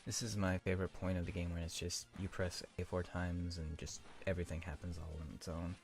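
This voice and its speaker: A man's voice: sits low, level tone, a little fast, creaky. A young man hosting a let's play, chatting casually and rambling with lots of fillers and self-mocking asides. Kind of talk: casual gameplay commentary.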